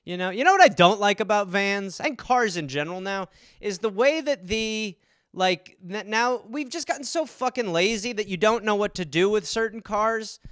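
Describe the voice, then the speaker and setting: High, bright-voiced man riffing comedy. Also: lively intonation, moderate pace, clear, resonant tone, no echo, clean studio sound. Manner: rambling, acts out voices in bits. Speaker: podcast host. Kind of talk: comedic solo monologue.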